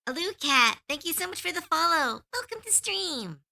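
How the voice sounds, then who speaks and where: Giggly woman with a very bright voice. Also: very high voice, big pitch swings, normal speed, vocal fry. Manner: giggly, musing aloud, playful. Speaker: streamer. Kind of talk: casual live-stream chat while drawing.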